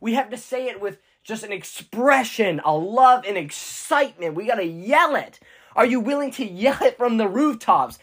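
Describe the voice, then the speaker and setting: Earnest, halting teen preacher. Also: mid-range voice, husky. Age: teens. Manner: earnest, halting, with frequent restarts and fillers; bursts into excited emphasis. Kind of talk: informal sermon.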